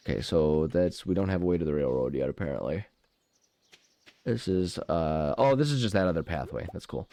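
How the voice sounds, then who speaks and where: A man's voice: low voice, animated, a little fast, warm tone, no echo. Goofy, rambling man narrating gameplay. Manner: rambling, self-interrupting, goofy. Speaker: gaming channel host. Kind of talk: casual let's play commentary. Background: game music.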